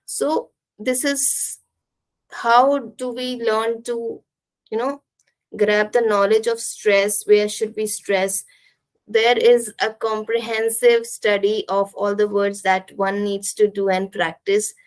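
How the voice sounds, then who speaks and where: A woman teaching English pronunciation from slides, who explains step by step and slowly sounds out example words. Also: medium pitch, flat delivery, low-quality recording.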